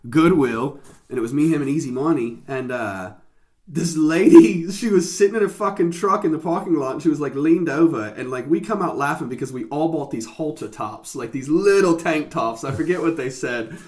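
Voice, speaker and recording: A man's voice: fairly high pitch, normal speed, a little mellow. A man chatting casually on a podcast, telling rambling stories full of swearing. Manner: profane, rambling storyteller. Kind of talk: casual chat.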